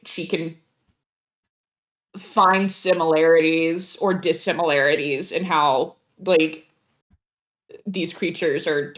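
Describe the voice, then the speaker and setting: A woman playing a tabletop game, talking with many fillers and restarts. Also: fairly low pitch. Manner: hesitant, full of fillers and restarts. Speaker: player. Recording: dull lo-fi audio.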